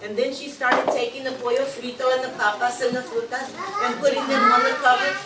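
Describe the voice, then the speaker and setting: Animated woman storyteller for a children's audience, high voice, echoey room, mic far off. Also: fairly quick, very noisy. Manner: animated, asks the audience to call out answers. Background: audience of children responding.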